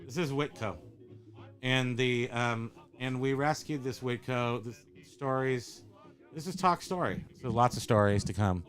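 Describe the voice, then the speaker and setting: A man's voice: mid-range voice, unhurried, fairly bright tone, faint music behind. Rambling, jokey man hosting casual chat. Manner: rambling, jokey, self-correcting. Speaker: host. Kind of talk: casual show-and-tell chat.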